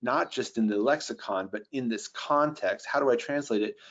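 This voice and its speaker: A man leads a webinar lesson on translation, walking through the text carefully and reading the Greek slowly. His voice sits at a middle pitch. The audio is a little dull, like a computer mic on a call. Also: a bit bright. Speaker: Bible software trainer.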